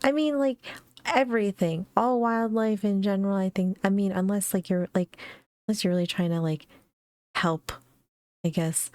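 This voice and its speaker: A woman's voice: medium pitch, moderate pace, a little mellow, dry recording. A young woman giving a casual reaction commentary, talking loosely with lots of fillers, gasps and little laughs. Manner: chatty, many fillers, frequent laughs and gasps. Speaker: reaction streamer.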